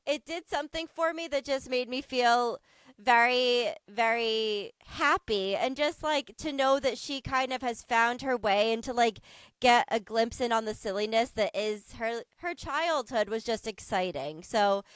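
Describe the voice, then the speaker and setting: A woman in her thirties co-hosting a podcast, telling stories in an animated, laughing way and swearing freely. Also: a little high, measured pace, clean tone, dry recording. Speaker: podcast co-host. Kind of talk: casual chat.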